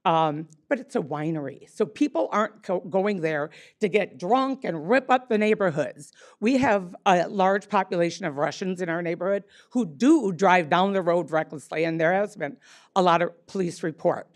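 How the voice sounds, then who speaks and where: A woman's voice: fairly low pitch, animated, moderate pace. A woman in her sixties, a wine bar owner speaking unprepared at a public meeting, rambling with many fillers and restarts. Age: 60s.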